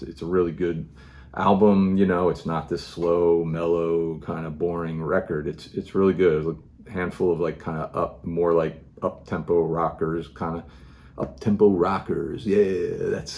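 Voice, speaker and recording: A middle-aged man with a very low voice talks casually at home about the albums in front of him. He rambles, restarts his sentences and fills the gaps with ums and you-knows. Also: darkish tone. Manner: rambling, many fillers and restarts. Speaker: record collector vlogger. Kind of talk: casual show-and-tell monologue.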